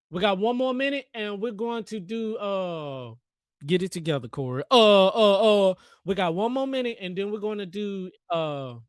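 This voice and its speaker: A man's voice: high-pitched, dry recording, studio quality. A man hosting a trading livestream, joking and talking back to the chart in casual live commentary. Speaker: livestream host and futures trader.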